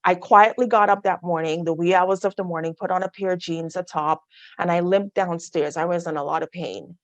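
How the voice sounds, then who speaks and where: A woman's voice: lowish voice, steady tone, fairly quick, no room sound, dull audio. A woman giving a candid personal testimony talk on a video call, telling her story with asides to her listeners. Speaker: guest speaker.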